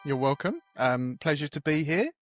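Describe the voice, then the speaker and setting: A man's voice: on the high side, very animated, normal speed, music in the background. A man, a game developer guest talking in a casual podcast interview, hesitant and self-deprecating with lots of fillers.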